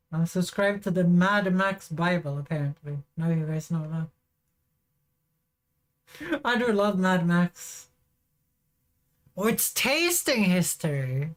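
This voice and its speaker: A Swedish woman livestreams in a loose, rambling way, chatting with her viewers, giggling often, and swearing without a second thought. Her lowish voice has lively intonation, and she talks slowly with frequent pauses.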